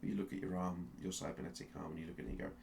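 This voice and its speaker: Game master, male, deep and gravelly, slow suspenseful narration with restarts. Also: little pitch movement, background noise. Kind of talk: dramatic second-person narration of a tabletop game.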